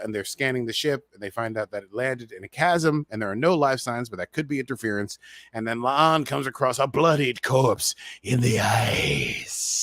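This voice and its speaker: A man's voice: mid-range voice, a bit bright, no echo, studio quality. A man hosting a podcast, casually recapping a TV episode in a rambling, chatty way with many fillers. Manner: rambling, chatty, full of "uh" and "so he's like". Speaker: podcast host.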